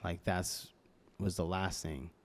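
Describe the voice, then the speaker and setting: In a podcast studio, a young man appears as a guest on a casual storytelling interview, recounting something personal with lots of hesitation, fillers and false starts. His voice is deep and flat, and he speaks slowly into a podcast microphone.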